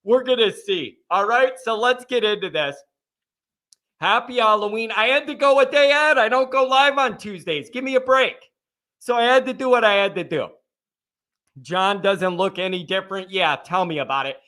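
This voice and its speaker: High-voiced fired-up male sports host. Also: normal speed, sharp tone. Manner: fired-up, ranting. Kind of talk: live sports reaction show.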